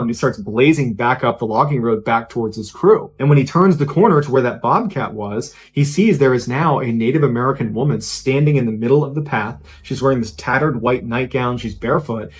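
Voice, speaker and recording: A man tells a ghost story in a husky, mid-pitched voice. He keeps it conversational and builds suspense, sinking lower and quieter at the tense beats. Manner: conversational, suspenseful, dropping low at tense moments. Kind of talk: spooky storytelling narration.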